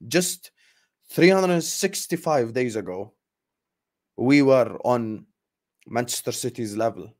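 Young guy fuming on his football channel, repeats himself a lot, mid pitch, loud bursts then mutters. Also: lively intonation, slow, long pauses. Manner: angry, repetitive, emphatic outbursts. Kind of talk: heated fan rant.

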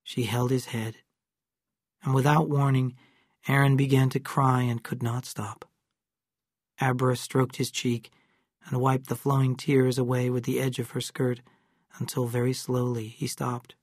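Steady, even audiobook reader. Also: medium pitch, a little slow, dry recording, clean studio sound. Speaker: narrator. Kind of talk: audiobook narration.

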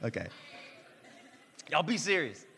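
A man's voice: on the high side, sing-song, unhurried, gravelly, sharp tone. A man preaching a sermon as pastor, calling on the congregation to answer and building in intensity. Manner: preaching with call-and-response and rising intensity. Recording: long church reverb.

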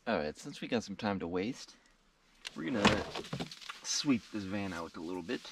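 A van life vlogger with a lowish, animated voice talks to viewers through a camera mic at a moderate pace, rambling and poking fun at himself while tidying his van. The clip moves from in and around the van to a wooded hiking trail, where he is out of breath on the climb, with heavy background noise throughout.

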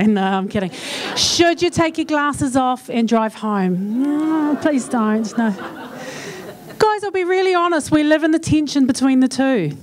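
A woman's voice: fairly high pitch, a little mellow. A woman with a New Zealand accent giving a humorous talk at a church conference, chatting and acting out little dialogues. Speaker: conference speaker.

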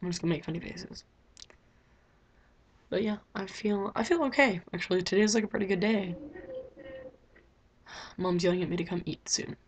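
A woman's voice: mid-range voice, moderate pace, pauses often, husky. A teenage girl vlogging from her bedroom, rambling casually with lots of fillers. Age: teens. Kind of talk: casual diary vlog.

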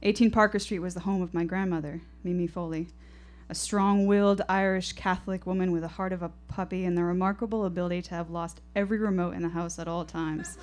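Low-voiced young woman telling a story. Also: steady tone, fast, few pauses, a little mellow. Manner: vivid, reflective first-person narration. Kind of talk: live storytelling performance. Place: stage at a live show.

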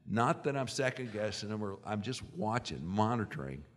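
A man on a lawyers' panel explaining in a measured way how he supervises his associates. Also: on the low side, very animated. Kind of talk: panel talk. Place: conference hall. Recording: long reverb in a conference hall.

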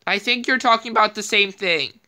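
A woman's voice: mid-range voice, fairly quick, sharp tone. Rambling gameplay commentary from a woman. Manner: rambling, thinking aloud while playing. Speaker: gameplay video host.

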